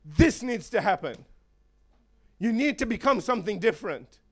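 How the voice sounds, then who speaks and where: Lively, laughing high-voiced male preacher. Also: normal speed, breathy edge. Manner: animated, laughing, acts out voices of chickens and eagles; asks the congregation for responses. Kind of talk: sermon.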